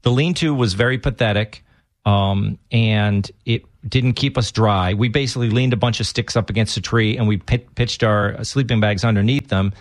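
A man's voice: on the low side, moderate pace, no echo, clean studio sound. A man with a Massachusetts accent, co-hosting a casual chat and telling long, rambling stories full of restarts. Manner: rambling storyteller, many restarts.

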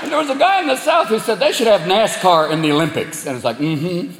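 Man, stand-up comic, high lively voice, roomy hall with loud crowd laughter. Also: fast talker, creaky, noisy background. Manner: profane, animated, shouting punchlines. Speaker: stand-up comedian. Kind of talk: stand-up comedy. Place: large venue with audience.

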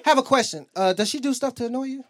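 With a crowd audible in the background, a young man in a very high voice rattles through a profane stand-up set at a quick pace. He spins stories, acts out quotes, and draws laughs from the audience.

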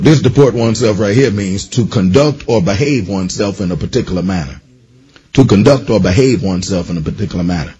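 A man's voice: on the low side, warm tone, husky. A man preaching a sermon with emphatic, rhythmic delivery and casual, joking asides. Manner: emphatic call-and-response preaching; informal, playful asides.

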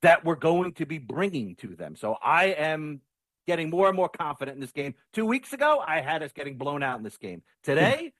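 A man giving excitable, stumbling takes as a guest on a sports podcast. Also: a little high, brisk, dry recording. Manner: excitable, repeats words when starting. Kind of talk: casual sports talk.

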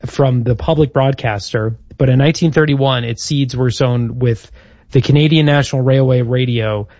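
A man's voice: mid-range voice, steady tone, moderate pace, darkish tone, no room sound. Man, casual co-host, storytelling, dry room, muffled recording. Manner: storytelling, reading out history notes. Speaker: podcast co-host. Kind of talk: casual chat.

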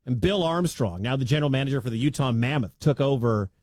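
A man's voice: mid-range voice, fast, dry recording. A male sports radio host talks through the news in a loose, rambling way, his voice rising and falling a lot. The sound is dry and close. He's from the American Midwest and chuckles along as he goes. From Midwestern United States. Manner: animated, rambling, laughs at the story. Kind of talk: casual talk radio commentary.

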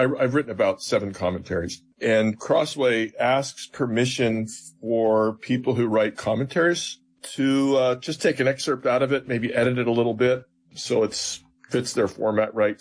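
A man's voice: fairly low pitch, husky. An older man, a seminary professor, explaining a Bible passage in an earnest conversational interview. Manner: earnest, animated when retelling scripture.

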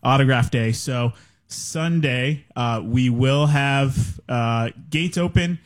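Man, out of breath, team marketing executive, brisk and detailed, casual radio interview, middle pitch. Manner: brisk, lists event details.

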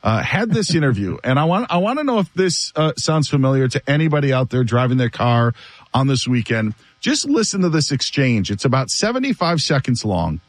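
A man hosting a sports talk show on the radio, with a lively voice that rises and falls a lot. He tells stories casually and breaks into laughter. The sound is dry and close to the mic. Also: medium pitch, a little fast, no echo. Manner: animated, laughing storyteller.

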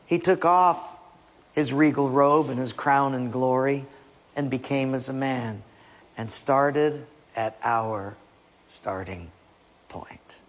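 A man preaching a sermon with a gravelly, husky voice, acting out scenes in changing voices. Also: mid-range voice, slow pace. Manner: acts out biblical and household scenes in shifting voices. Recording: long reverb of a large hall.

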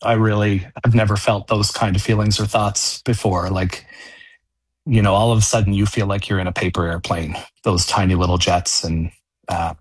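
A middle-aged man speaking as a radio interview guest, halting, with many fillers and restarts. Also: fairly low pitch, fairly even intonation, husky, dry recording. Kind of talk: casual phone-in interview.

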